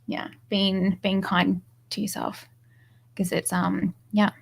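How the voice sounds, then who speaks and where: A young woman speaking as a podcast guest, her voice gravelly with fry at a middle pitch. She talks casually and thoughtfully, hesitating often with fillers. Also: little pitch movement, slow pace. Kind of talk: casual chat.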